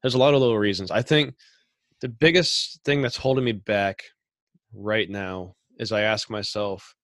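A middle-aged man who runs a machine shop, talking casually on a podcast in a rambling way with frequent restarts and throat clearing. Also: fairly low pitch, measured pace, long pauses, a bit bright, no room sound.

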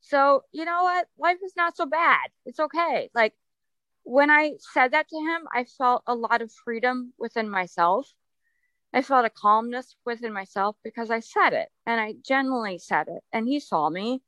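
A woman's voice: fairly high pitch, lively intonation, moderate pace, sharp tone, dry recording, low-quality recording. A woman guest on a podcast, speaking in a heartfelt, emphatic way and repeating her points. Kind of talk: conversational interview.

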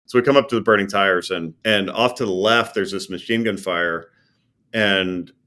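A middle-aged man, a former army company commander, recalling combat in a halting, conversational way with many fillers and restarts. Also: sits low, pushed and bright. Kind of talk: personal war recollection, conversational.

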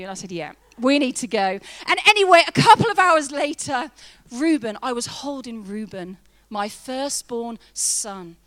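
A woman's voice: high-pitched, very animated, unhurried, fairly bright tone. A woman in her thirties preaching a sermon, telling a personal story in a chatty, humorous way with emphatic build-ups.

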